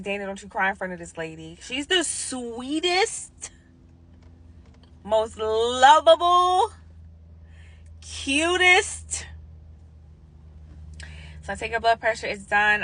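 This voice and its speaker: Animated woman telling a story. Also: gravelly, slightly rough. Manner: animated, acts out quotes with big pitch jumps and whispers. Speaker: hospice nurse. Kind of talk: casual storytelling to camera.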